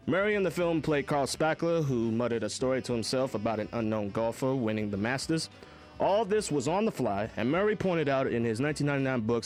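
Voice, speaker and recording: A man co-hosting a college radio film show in the studio, chatting and presenting a countdown. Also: mid-range voice. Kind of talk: casual chat and read-out countdown.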